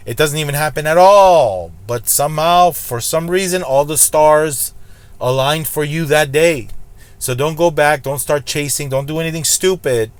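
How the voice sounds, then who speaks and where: A man's voice: on the high side, normal speed, no room sound. A man talks casually to his viewers about gambling. He is blunt and preachy and says the same warning over and over to make it stick. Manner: blunt, preachy, emphatic repetition. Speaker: slots channel host. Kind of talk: casual vlog commentary.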